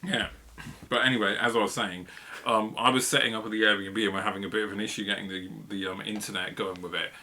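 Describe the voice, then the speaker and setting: A man's voice: on the low side, fairly even intonation, fast talker, sharp tone. A man co-hosting a football review podcast, chatting casually and rambling with lots of fillers and laughs. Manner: rambling, filler-heavy, laughs mid-sentence.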